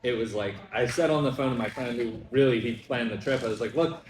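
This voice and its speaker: A young man telling stories at a brunch table, full of fillers and restarts, lively when he retells scenes. His voice sits in an ordinary middle pitch, and the room gives it a roomy echo. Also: a little fast, noisy background. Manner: rambling, lots of fillers, animated retelling. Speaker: comedian guest. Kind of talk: casual brunch chat. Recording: echoey room.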